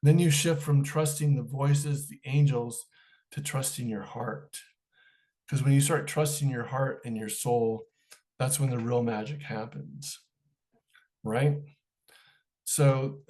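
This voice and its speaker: Animated man telling a personal story. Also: medium pitch, unhurried. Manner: animated storyteller acting out quoted dialogue. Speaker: podcast guest. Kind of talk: storytelling in an interview.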